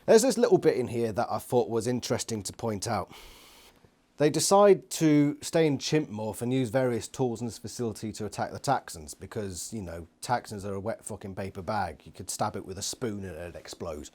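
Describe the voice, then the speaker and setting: A man's voice: lowish voice, animated, moderate pace, a little mellow. A man giving an exasperated, sweary, sarcastic book review rant. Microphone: phone nearby.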